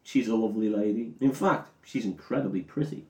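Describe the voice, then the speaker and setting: Brief: tipsy podcast host, giggly and sweary, roomy echo, a bit off-mic. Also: male voice, lowish voice, mellow, distant mic. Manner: laughs often, swears, acts out characters in quick voices. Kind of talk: drunken comedic film recap.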